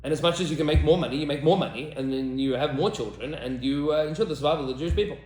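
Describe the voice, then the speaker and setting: A man's voice: on the high side, racing, a little mellow, roomy sound. A man, a rabbi, talking emphatically in a podcast discussion, repeating lines for effect and mixing in Hebrew terms. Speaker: rabbi and teacher.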